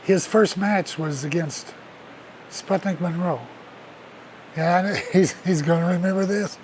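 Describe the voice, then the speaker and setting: An older former wrestler recalling an early match in an interview with wry humor. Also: male voice, sits high, takes it slowly, darkish tone, a little hiss or hum, low-quality recording. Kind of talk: interview recollection.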